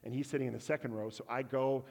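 A man preaching a storytelling sermon at a middle pitch, candid and self-mocking as he slips into voices for the people in his tale. His words carry the long reverb of a church sanctuary. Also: fairly even intonation, fast talker, creaky, a little mellow. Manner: candid, self-deprecating, acts out dialogue.

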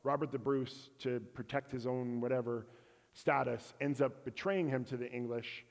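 A man's voice: mid-range voice, fairly even intonation, moderate pace, gravelly, big-room sound. A man telling a personal story in a sermon, candid and self-deprecating, acting out bits of dialogue. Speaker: preacher. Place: church.

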